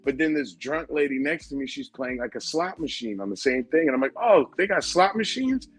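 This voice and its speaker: A man's voice: medium pitch, brisk, no room sound, low-quality recording. A man hosting a casual podcast, telling a convention story with lots of swearing and laughter. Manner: profane, animated, laughing while telling stories. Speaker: podcast host.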